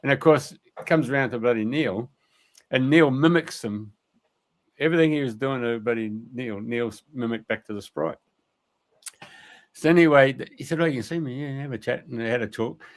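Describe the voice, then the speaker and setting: A man's voice: mid-range voice, moderate pace. A man telling a rambling anecdote on a radio talk show, colloquial and full of fillers. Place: radio studio.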